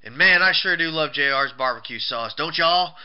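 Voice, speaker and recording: A cocky male wrestler taunts his opponent with a mocking drawl, as a man acts him out. The delivery is a little louder than plain talk, and the voice is smooth. The sound is muffled and lo-fi. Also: medium pitch, fairly quick, natural voice.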